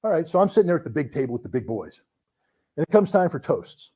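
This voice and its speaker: A middle-aged man telling a story to an audience, animated, acting out the voices in his anecdotes. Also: fairly high pitch, fast, breathy edge. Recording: dull lo-fi recording.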